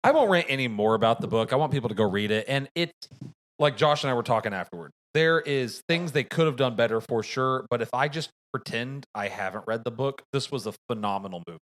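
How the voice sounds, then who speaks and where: A man co-hosting a casual movie review podcast, telling stories with lively acted-out bits. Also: mid-range voice, fast talker. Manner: animated storyteller, acts out voices. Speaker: podcast co-host.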